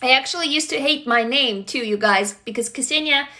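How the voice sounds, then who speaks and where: Hosting a relaxed livestream, this Russian-born woman, whose first language is Russian, speaks at a moderate pace in a high, sharp voice. She's candid and affectionate with her audience, welcomes commenters, and occasionally curses.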